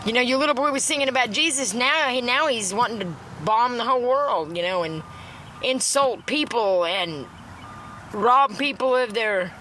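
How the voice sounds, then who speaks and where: Middle-aged woman, high voice, blunt swearing rant, rambling talk, phone mic, faint noise behind. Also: normal speed, bright, forceful tone. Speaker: TikTok livestreamer. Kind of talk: ranting casual monologue.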